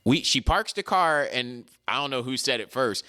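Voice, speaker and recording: A man's voice: mid-range voice, moderate pace, bright, forceful tone, clean tone. A middle-aged man telling stories in a casual chat, drawling and acting out quotes as he talks. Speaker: podcast co-host.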